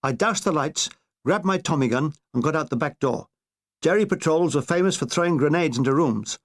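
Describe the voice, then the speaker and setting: An older man reading his own comic memoir with wry, deadpan asides. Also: a little high, brisk. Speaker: author narrating his memoir.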